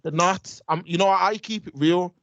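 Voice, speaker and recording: A man's voice: sits high, normal speed, fairly bright tone, muffled recording. Emphatic young English man, heavy. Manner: emphatic, repeats his points, street slang. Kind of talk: casual chat.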